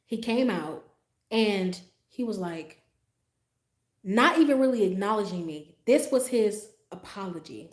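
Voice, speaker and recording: A woman hosting a livestream, telling a story in a casual, profane, animated way, with frequent asides to her viewers. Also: mid-range voice, unhurried. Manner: animated, profane, acts out her own reactions. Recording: roomy echo.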